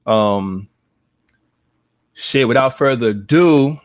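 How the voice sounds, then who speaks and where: A man's voice: mid-range voice, slow, no room sound. A man hosting a live podcast in loose, chatty talk, laughing easily. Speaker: podcast host. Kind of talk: casual live podcast chat.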